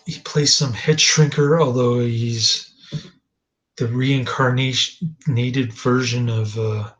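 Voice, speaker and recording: A man's voice: mid-range voice, fairly even intonation, takes it slowly, fairly bright tone, low-quality recording. A man giving a casual, rambling movie review, hesitant with many fillers and restarts, dry and dismissive.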